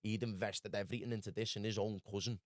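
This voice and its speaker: A Scouse-accented man from Liverpool, England, rambles through a travel story as a podcast guest, saying "lad" and "do you know what I mean" again and again. His lowish voice runs fast with fairly even intonation. The studio-quality recording has no room sound.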